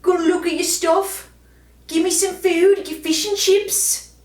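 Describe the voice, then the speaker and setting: A woman voicing a cheeky, food-begging male English bulldog in a high, put-on English accent. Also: fairly even intonation, takes it slowly, a little mellow, reverberant, recorded from a distance. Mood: cheerful.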